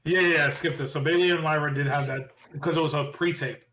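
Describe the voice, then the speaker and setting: Male podcast co-host, slightly high voice, fast and animated recap delivery. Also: crowd noise, rough recording. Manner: animated, quick recapping with impressions of quotes. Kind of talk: casual wrestling recap chat.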